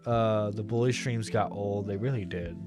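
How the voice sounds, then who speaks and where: A man's voice: fairly low pitch, moderate pace, music in the background. Give me a profane, rambling male streamer. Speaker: internet radio host. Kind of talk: casual live-stream commentary.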